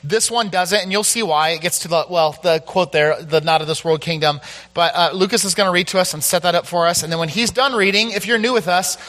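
Pastor leading a group discussion, male, a touch high, lively and joking, reverberant hall. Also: fairly quick. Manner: animated, playful, thinks aloud. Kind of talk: casual church Bible discussion.

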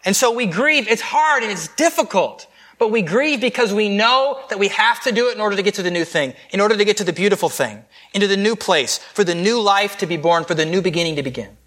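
A man preaching a sermon in a conversational way, with quick restarts and joking asides. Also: sits high, animated, fairly bright tone. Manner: conversational, with repeated restarts and self-deprecating asides. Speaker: pastor.

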